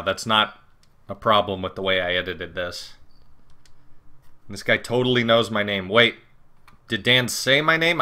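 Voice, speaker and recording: A man casually commenting on a game, reading its lines aloud, swearing and joking with sudden loud outbursts. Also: on the low side. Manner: profane, joking, animated outbursts. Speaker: let's play commentator.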